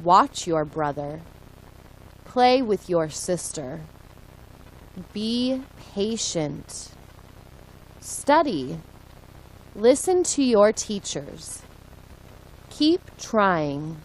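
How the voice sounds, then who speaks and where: Woman reader for a listening lesson: very slow, clear, deliberate pacing. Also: mid-range voice, big pitch swings, poor audio. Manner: slow, deliberate, one short sentence at a time. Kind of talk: slow read-aloud for learners.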